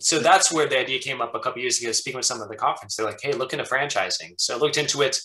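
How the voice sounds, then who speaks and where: A man's voice: mid-range voice, very fast, bright, forceful tone, echoey room, poor audio. A man, a business owner being interviewed, talking candidly and with animation about running his company. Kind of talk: casual interview chat.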